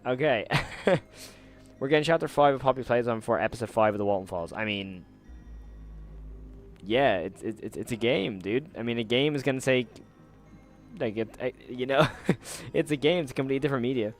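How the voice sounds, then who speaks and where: A man's voice: medium pitch, moderate pace, long pauses. Hyped-up streamer guy rambling to chat, lots of slang and laughs, faint music behind. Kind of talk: casual live-stream chat.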